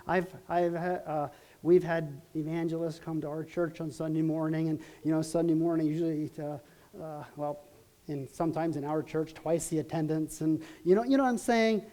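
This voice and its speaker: A middle-aged man preaching a sermon as pastor, telling stories in an earnest, halting way with many restarts. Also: fairly high pitch, fairly even intonation, warm tone.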